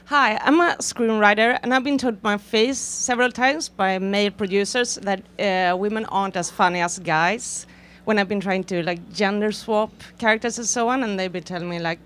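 A woman from the audience puts a question to a panel. She speaks earnestly and hesitates often, leaning on small fillers, at an ordinary middle pitch. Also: normal speed, a bit bright. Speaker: audience member asking a question.

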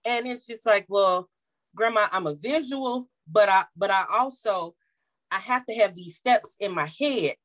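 A woman's voice: mid-range voice, a little slow. A woman in her thirties telling a personal family story, bringing the voices of her relatives to life. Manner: animated, acts out the voices of family members. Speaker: small business owner.

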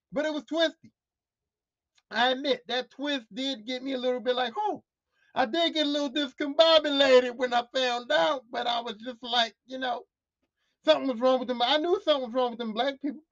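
Woman podcaster for a solo rant: animated, profane, repeats lines for punch, dull dry lo-fi sound. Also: sits high, no room sound. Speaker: podcast host.

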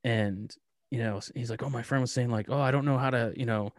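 A man of middle pitch telling stories in a relaxed, deadpan way, acting out each exchange. He is recorded close, with a dry sound. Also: a little fast, no echo. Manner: deadpan storyteller who acts out dialogue. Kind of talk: casual chat.

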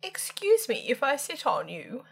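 A woman's voice: high voice, huge pitch swings, a little slow, gravelly, voice pushed up, exaggerated voice. A woman voicing a polite fussy teacup. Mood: apologetic.

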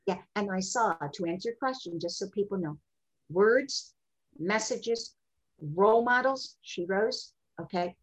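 Husky older woman telling lively stories. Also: unhurried, rough recording. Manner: expressive, jumps into high voices when quoting. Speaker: sexologist and guest. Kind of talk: animated interview storytelling.

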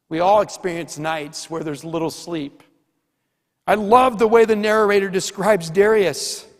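A pastor preaching a sermon in a church, earnest and emphatic, with rhetorical questions. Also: male voice, high voice, long reverb tail.

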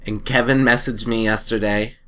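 A man's voice: fairly low pitch, fairly even intonation, normal speed, fairly bright tone. A young man co-hosting a podcast in casual chat, joking and rambling about tangents, laughing often. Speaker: podcast co-host.

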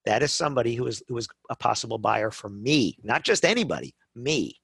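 A middle-aged man in easy podcast conversation, spinning sales stories with lots of energy and acting out the customers he describes. He keeps checking in with a quick "right?". The sound is close and dry. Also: mid-range voice, vocal fry, slightly rough, no room sound. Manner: animated storytelling, acts out customers, frequent "right?" tags. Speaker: guest speaker on wedding business.

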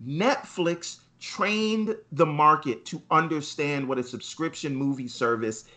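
A man co-hosting a gaming podcast, talking in an animated and sarcastic way with faint music behind. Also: a little high, unhurried. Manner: animated, sarcastic, mock voices for effect. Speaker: podcast co-host. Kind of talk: casual gaming chat.

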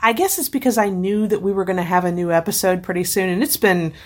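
A husky-voiced woman co-hosting a podcast, chatting casually about shows she loves. She rambles and laughs easily, breathy around the edges. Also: mid-range voice, quick pace. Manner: enthusiastic, laughs often, rambling. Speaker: podcast co-host. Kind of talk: casual chat.

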